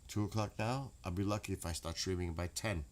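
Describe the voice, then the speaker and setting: A very deep-voiced man rambles through a late-night stream chat. He swears freely and breaks into loud laughter now and then. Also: fairly quick. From New York. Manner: rambling, profane, laughs loudly.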